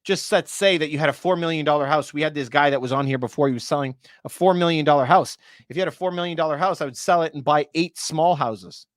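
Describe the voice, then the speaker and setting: A man's voice: a little high, no room sound, studio quality. A man, a real estate broker, chatting casually on a livestream and answering viewers by name, his voice going from too much talk. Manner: chatty, addresses viewers by name, quick asides. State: losing his voice.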